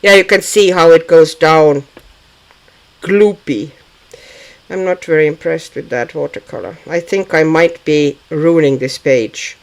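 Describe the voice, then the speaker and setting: Slow-talking woman on a livestream, thinking out loud with lots of uhs, chatty with viewers. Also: low-pitched, rough recording. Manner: musing, thinking aloud with hesitant fillers. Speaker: livestream host. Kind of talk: casual livestream chat while painting.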